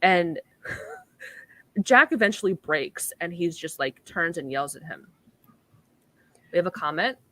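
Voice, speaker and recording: Young woman podcast host, talkative and full of "like", lively quoting, dry close sound. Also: fairly low pitch, slow, pauses often, no echo. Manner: chatty, filler-heavy "like", acts out quoted lines. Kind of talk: casual chat recapping a TV episode.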